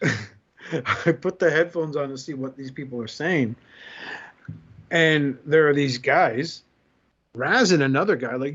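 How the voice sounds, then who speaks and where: A man's voice: a little high, a little slow, pauses often, husky. Profane storytelling podcast host man. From Jersey City, USA. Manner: profane, animated, acts out quoted dialogue. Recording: slightly muffled podcast audio.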